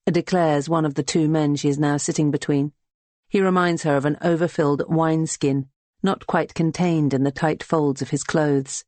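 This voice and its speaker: An audiobook narrator reads a historical novel aloud in a steady, even storytelling style at normal speed. The middle-pitched voice is recorded dry and close, with no room sound.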